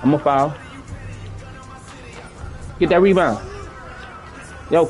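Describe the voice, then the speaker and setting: A man's voice: on the high side, animated, normal speed, pauses often, faint music behind, a faint crowd. A young man streaming a basketball video game, coaching and scolding his teammates in casual, slangy, profane talk. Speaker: gaming streamer. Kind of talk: live gameplay chat with teammates.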